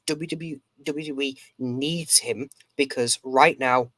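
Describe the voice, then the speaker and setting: A man's voice: mid-range voice, fairly even intonation, a little slow, hardly any pauses, fairly bright tone, no room sound. A man co-hosting a wrestling podcast, giving confident, emphatic opinions in casual chat. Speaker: podcast co-host.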